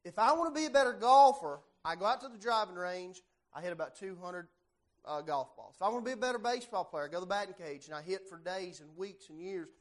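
A man leads a church Bible class in a high, lively voice. He is animated and keeps turning to the class with direct questions. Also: fast.

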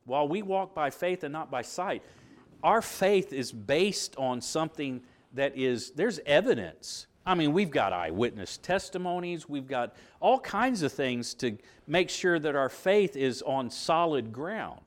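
A man's voice: a little high, big pitch swings, unhurried. A middle-aged man teaching a Bible lesson in sermon style, asking rhetorical questions and acting out quoted voices. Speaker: preacher teaching a Bible class.

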